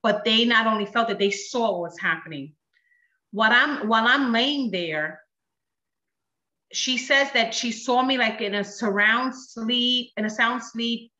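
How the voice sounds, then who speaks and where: A woman tells her faith story in earnest, acting out the words of the people in it. Her voice is bright and forceful. The recording is dull and echoey. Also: medium pitch. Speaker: guest giving a testimony. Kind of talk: personal faith testimony.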